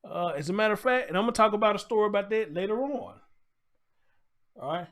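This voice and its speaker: A man's voice: high voice, fast, a bit bright. A man hosting his own commentary show, ranting bluntly and heatedly, swearing and repeating himself. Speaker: show host. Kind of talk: profane commentary rant.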